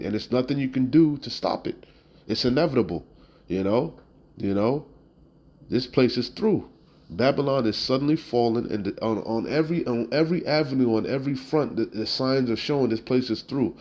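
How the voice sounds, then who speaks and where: A man's voice: mid-range voice, animated, moderate pace, a little mellow, low-quality recording. A man preaching, reading Bible verses aloud and then explaining them in blunt, emphatic talk full of "you know?" asides. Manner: blunt and emphatic, occasional profanity. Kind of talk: street-style scripture teaching.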